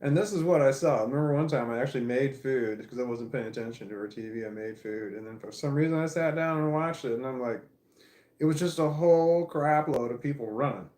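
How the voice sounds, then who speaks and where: A man's voice: medium pitch, a little fast, darkish tone. Rambling, cursing man in an echoey room. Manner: rambling, profane storytelling. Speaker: livestream host. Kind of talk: casual livestream chat. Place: living room.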